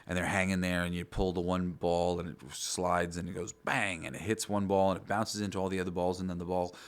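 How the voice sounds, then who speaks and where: A man's voice: low-pitched, completely flat delivery, brisk, smooth. A man hosting a podcast, talking through an idea in a rambling, casual monologue full of swearing and fillers. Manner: rambling, profane, with many fillers. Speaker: podcast host.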